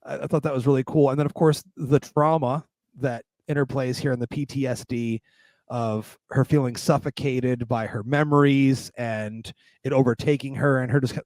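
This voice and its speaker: A male podcast host chatting casually about films, eager and emphatic. His voice sits at an ordinary middle pitch. The recording is dry and close, with no room echo. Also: steady tone, darkish tone. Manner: enthusiastic, emphatic, quick bursts. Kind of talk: casual film review chat.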